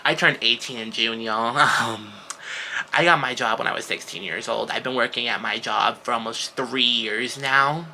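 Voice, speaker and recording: An eighteen-year-old man venting to camera in a casual vlog, animated and exasperated, with sudden leaps up in pitch. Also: normal speed, vocal fry, a little hiss or hum, poor audio. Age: teens. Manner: animated, exasperated storytelling with big pitch jumps. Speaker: vlogger.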